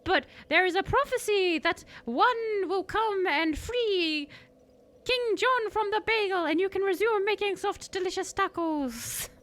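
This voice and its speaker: Woman putting on a squeaky disguised sorceress oracle. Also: measured pace, fairly bright tone. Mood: mock solemn. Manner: squeaky, theatrical. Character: evil sorceress disguised as mustached male oracle.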